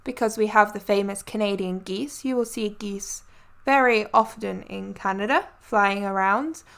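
A woman's voice: a little high, pushed and bright, clear, resonant tone. A woman hosting a solo podcast, talking in a chatty, friendly way with light laughs. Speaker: podcast host.

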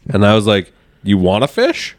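Joking lowish-voiced man, dry. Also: moderate pace, dry recording. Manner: relaxed, joking storyteller. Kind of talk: casual chat about fishing.

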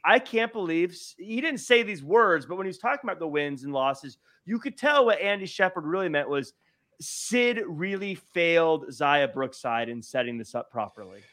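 Man, high voice, podcast co-host, animated, argumentative, acts out quotes. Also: normal speed. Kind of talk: casual wrestling chat.

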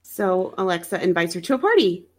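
A woman's voice: lowish voice, very animated, a little fast. Chatty wry woman recapping a movie. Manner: chatty, wry, laughs often. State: sounds sick. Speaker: podcast co-host. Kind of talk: casual chat recapping a movie.

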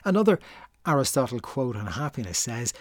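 A man's voice: mid-range voice, big pitch swings, fairly quick, no echo, studio quality. Reflective man reading his podcast. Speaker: podcast host. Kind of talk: scripted podcast monologue.

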